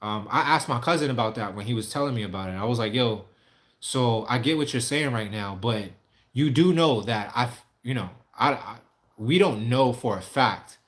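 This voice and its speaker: A man's voice: medium pitch, expressive, moderate pace, fairly bright tone. Casting: man streamer, casual and candid, rambling answers to viewers. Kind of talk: casual livestream chat.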